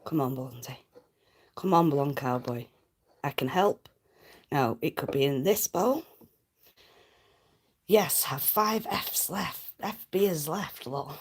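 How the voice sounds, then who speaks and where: A woman's voice: low-pitched, slow, pauses often, breathy edge. A woman with a Lancashire accent, chatting rambly on a livestream and reading viewer comments aloud. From Lancashire, England. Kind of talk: casual livestream chat.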